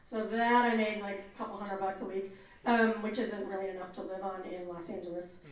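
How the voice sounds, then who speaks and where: A woman's voice: medium pitch, a little fast. A woman actor answering fan questions at a convention panel, joking and acting out voices as she tells stories. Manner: jokey, animated storyteller, acts out voices. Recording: very echoey room, from far off.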